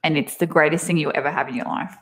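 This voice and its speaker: Young woman, strong Aussie accent, low-set voice, chatty storyteller on a home video call. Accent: Australian. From Australia. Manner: chatty, animated storytelling with quick laughs. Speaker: guest. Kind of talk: casual interview chat.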